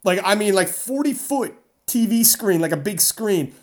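A woman's voice: medium pitch, moderate pace. Chatty woman telling a wild story. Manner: animated, rambling with fillers and laughs. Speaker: strongman athlete guest. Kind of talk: casual storytelling interview.

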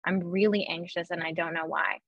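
A woman's voice: on the low side, fairly even intonation, fairly quick, dry recording, dull audio. A young woman chatting casually and telling personal stories, full of "like" fillers and acting out her own quotes. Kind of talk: casual chat.

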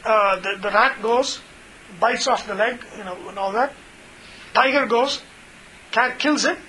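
A man's voice: extremely high pitch, unhurried, sharp tone, low-quality recording. A man teaching an informal scripture class, chatty, full of "you know" and retold stories. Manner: chatty, many fillers, retells stories.

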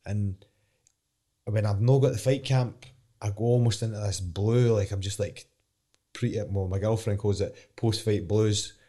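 Young Scottish fighter, lowish voice, frank and meandering in a sit-down interview. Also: male voice, steady tone, unhurried, warm tone. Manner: candid, rambling, swears casually. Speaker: professional fighter. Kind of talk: casual interview chat.

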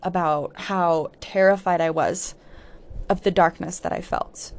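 A woman's voice: fairly low pitch, fairly even intonation, a little slow. A woman hosting a podcast, telling a candid personal story in a reflective way, with frequent "like" fillers. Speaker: podcast host. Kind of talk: personal storytelling about healing.

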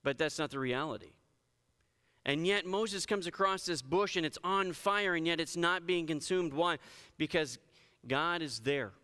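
A man's voice: a little high, measured pace, sharp tone, clear, resonant tone. A man, a pastor, giving a conversational sermon and reading scripture with emphasis. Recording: reverberant hall.

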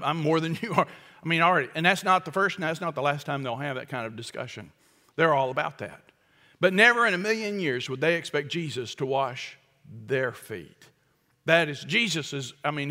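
A man delivering a sermon with a bright, forceful edge and a slightly raised pitch. He preaches emphatically, slowing to stress key words. His voice rings through the long reverb of a large hall. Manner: emphatic, acts out quoted speech, chuckles at own jokes. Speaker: pastor.

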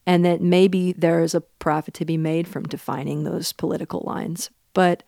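A woman in her thirties with a Southern accent answers interview questions earnestly, thinking aloud with plenty of fillers. Her voice sits low for a woman and carries a gravelly fry. The recording is close and dry. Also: steady tone, moderate pace, dark tone, no room sound. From Pacific Northwest. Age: 30s. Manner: earnest and reflective, with frequent fillers. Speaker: interview guest, country singer. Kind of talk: thoughtful interview talk.

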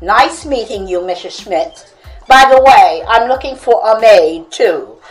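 A woman's voice: medium pitch, animated, a little slow, soft background music, lightly acted, rough recording. A woman voicing a poised young newlywed woman, speaking coolly in her own voice while reading a story aloud.

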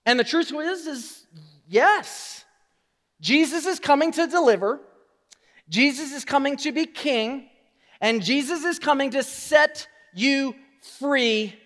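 A male pastor preaching a sermon, swinging from quiet asides to loud, emphatic declarations. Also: very high voice, big-room sound.

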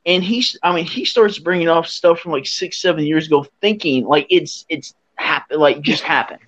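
Animated high-voiced young man telling stories. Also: normal speed. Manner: animated, laughs through his story, acts out quotes. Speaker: podcast host. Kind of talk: casual storytelling. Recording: dull lo-fi sound.

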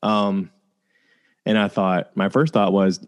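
Male podcast host, lower register, candid first-person storytelling, loose and conversational with fillers. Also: level tone, takes it slowly.

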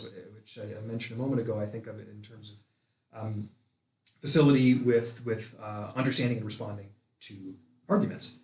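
A man's voice: mid-range voice, a little fast, roomy sound. A man, a philosophy teacher and podcast guest, explaining his views in a thoughtful, hesitant way with many fillers and restarts. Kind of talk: casual conversational explanation.

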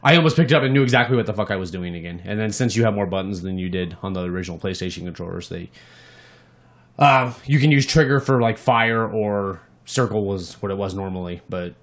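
A man with a lowish voice talks fast while co-hosting a gaming podcast. It's casual chat, and he's animated and profane, ranting about games with plenty of swearing.

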